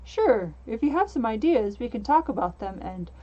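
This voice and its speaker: Brief: courteous working-man smith, read by a woman, high voice, muffled recording. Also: big pitch swings, moderate pace, mellow. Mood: polite. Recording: dull lo-fi mic.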